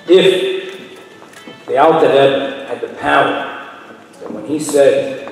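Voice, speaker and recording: A man's voice: medium pitch, moderate pace, a little mellow, faint music behind. A man telling a story and explaining it at a religious gathering in a large hall. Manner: explains, then tells a story with quoted voices. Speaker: speaker at a Chassidic gathering. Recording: echoey hall, voice from far off, faint noise.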